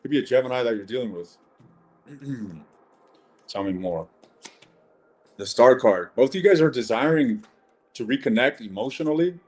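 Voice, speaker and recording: A man's voice: medium pitch, animated, normal speed, pauses often, darkish tone, breathy edge. A man giving a casual live-stream tarot reading, blunt and chatty, swearing and calling viewers ladies and gents.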